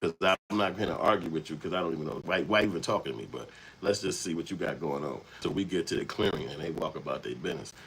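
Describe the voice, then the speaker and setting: Male host from Chicago's South Side, very low voice, loose profane storytelling, faint background hiss. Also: expressive, quick pace, fairly bright tone, low-quality recording. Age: adult, past young adulthood. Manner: rambling, profane, street-casual. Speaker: channel host. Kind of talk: casual storytelling commentary.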